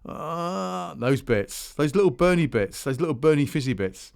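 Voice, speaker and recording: A man's voice: on the high side, expressive, normal speed, creaky, darkish tone, clear, resonant tone. A man hosting a music podcast on his own, chatting casually between songs in a rambling way, often restarting his sentences. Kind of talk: casual solo chat between tracks.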